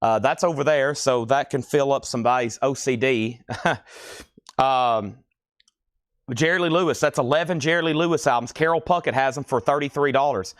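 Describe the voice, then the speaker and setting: A man's voice: mid-range voice, moderate pace, no echo, studio quality. A man hosting a live record sale in a record store, chatting casually as he rattles off album titles, prices and buyers' names. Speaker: host selling records on a live stream. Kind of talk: casual live sales patter.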